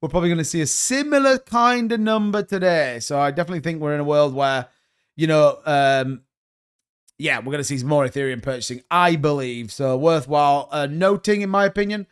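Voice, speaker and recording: A man with a high, smooth, clear voice hosts a relaxed crypto livestream. He talks loosely about the markets, greets viewers by name and calls them mate. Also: brisk. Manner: chatty, reads out viewer comments, calls people mate. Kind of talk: casual livestream market commentary.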